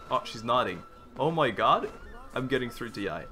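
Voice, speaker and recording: A young man giving casual gameplay commentary, excitable and joking, laughing often and swearing casually. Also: medium pitch, normal speed. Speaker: gaming content creator.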